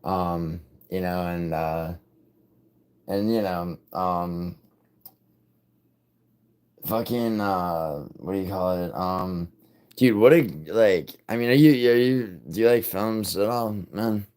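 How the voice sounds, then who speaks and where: A man with a very low voice hosts a casual livestream and answers his viewers. He rambles through fillers and swears freely. He often drops to a mumble, then pushes loud and insistent. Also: slow pace, pauses often, clean tone. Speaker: livestream host.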